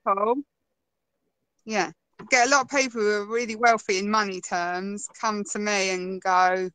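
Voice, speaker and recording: A woman chatting as a guest, telling lively stories and laughing often. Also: medium pitch, a little slow, dry recording, poor audio. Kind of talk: casual conversation.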